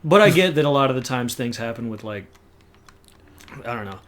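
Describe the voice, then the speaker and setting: A man's voice: mid-range voice, animated, a little fast. Young man rambling through a podcast. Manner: rambling, hesitant, restarts. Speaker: podcast co-host. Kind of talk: casual podcast chat.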